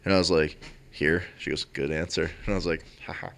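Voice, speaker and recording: A man's voice: deep voice, steady tone, fairly quick, vocal fry, fairly bright tone. A young man telling a story in casual chat with friends, laughing often.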